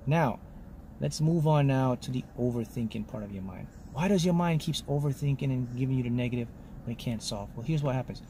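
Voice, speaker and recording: A man's voice: mid-range voice, brisk, dark tone, a little hiss or hum. A man giving a motivational talk as a spiritual mentor, speaking in short, emphatic statements and often checking in with "okay?". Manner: lectures in short punchy statements.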